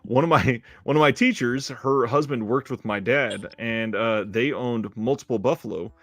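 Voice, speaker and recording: A man's voice: mid-range voice, fairly bright tone, dry recording. Easygoing podcast co-host man, dry sound. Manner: easygoing, laughs often, halting with fillers. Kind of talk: casual chat.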